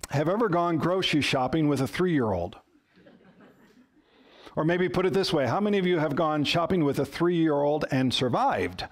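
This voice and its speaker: A man pastor giving a sermon in a conversational, storytelling way, with humor and questions to the congregation. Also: a little high.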